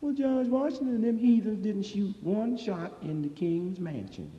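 A man performing a stand-up comedy monologue, talking in animated, profane street slang on a live stage. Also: high voice, moderate pace. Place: live stage before an audience. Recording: dull lo-fi live recording in a reverberant hall.

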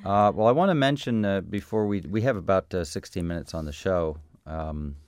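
Low-voiced man hosting local radio, event listings, unhurried delivery with fillers. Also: clean tone, no room sound, studio quality. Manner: relaxed, with frequent fillers. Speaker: radio host. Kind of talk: community radio announcements.

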